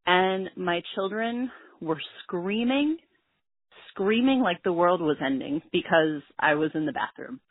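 A woman's voice: fairly low pitch, lively intonation, measured pace, no echo. A woman co-host telling a casual story from home, laughing at herself as she goes. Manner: self-deprecating, laughing storyteller. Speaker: podcast co-host. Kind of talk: casual check-in monologue. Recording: tinny phone-like line.

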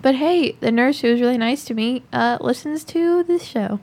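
A woman's voice: high voice, normal speed, a little mellow. A teenage girl co-hosting a casual sister chat, talking with a sore mouth after wisdom teeth removal and laughing a little through it. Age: teens. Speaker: podcast co-host.

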